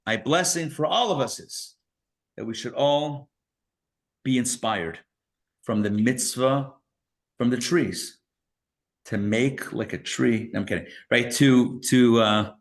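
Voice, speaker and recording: A man's voice: mid-range voice, slow, long pauses. A man teaching a live Torah class, telling a story in a loose, conversational way with fillers and restarts.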